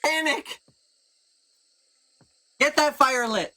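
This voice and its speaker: A man voicing a jumpy male camp guard who yells in alarm. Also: extremely high pitch, extremely slow, voice pushed up, full character voice. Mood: panicked. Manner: shouting in alarm.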